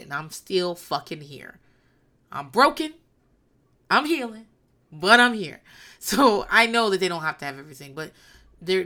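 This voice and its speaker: Brief: woman, 30s, solo podcast host, low-set but bright and forceful voice, profane and rambling. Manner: blunt, profane, rambling storytelling. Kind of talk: candid solo monologue.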